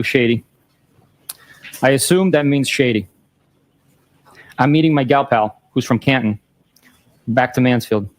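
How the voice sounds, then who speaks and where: Guy in a courtroom reading texts out loud, flat and matter-of-fact, middle pitch, reads off the timestamps too. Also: a little slow, long pauses. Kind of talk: reading text messages aloud in court.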